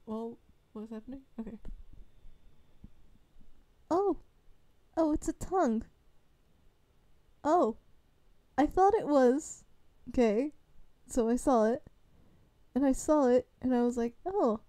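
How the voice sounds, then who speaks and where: A woman's voice: sits high, slow pace, pauses often, mellow, no room sound. A young woman with a Southern American accent chatting casually with her live chat as a streamer, laughing often. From Southern United States. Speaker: livestreamer.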